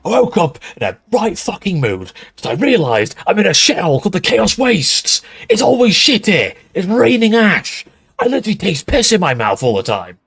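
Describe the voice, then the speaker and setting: Sneering, foul-mouthed male plague cultist, raised and lively voice; a man puts it on. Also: high voice, normal speed, gravelly, slightly rough, no echo, clean studio sound, voice pushed up, heavily acted. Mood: disgusted.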